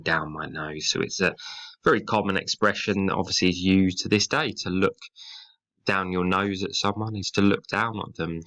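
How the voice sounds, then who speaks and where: A man teaching a recorded English lesson, explaining a poem line by line in a measured, explanatory way. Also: low-pitched, pushed and bright, rough recording. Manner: explanatory, measured, occasionally slips into dialect when quoting.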